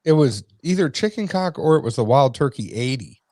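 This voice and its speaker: A man's voice: medium pitch, expressive, a little fast, darkish tone, no echo, clean studio sound. A man from New England co-hosting a casual podcast chat over drinks, talking in a joking, chatty way. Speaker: podcast co-host.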